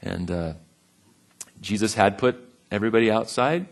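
A man preaching a sermon in a relaxed, conversational way, with humor and quick acted-out voices. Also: on the low side, gravelly. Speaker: pastor.

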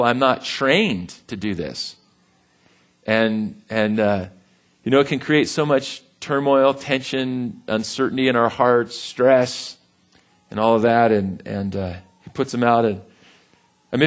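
Man, pastor, sermon, conversational, humorous, middle pitch. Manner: conversational, humorous, acts out voices with laughs.

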